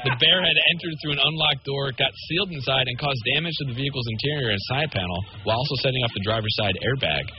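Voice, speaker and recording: A man reading quirky news items on a radio show, brisk with small stumbles. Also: mid-range voice, lo-fi sound, noisy background.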